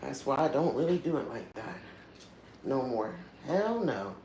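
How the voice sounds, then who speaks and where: A woman's voice: rumbling low, sing-song, a little slow, a little mellow, a little hiss or hum. A woman hosting a livestream, telling stories in a candid, earthy way with frequent swearing and trailing asides. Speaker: livestream host. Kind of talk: casual storytelling chat.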